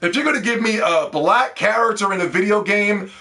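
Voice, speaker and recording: Brief: male gaming vlogger, fired-up profane rant, voice sits a bit high. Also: moderate pace, few pauses, pushed and bright. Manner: heated, profane, repeats words when worked up. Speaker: gaming video host. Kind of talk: ranting video commentary.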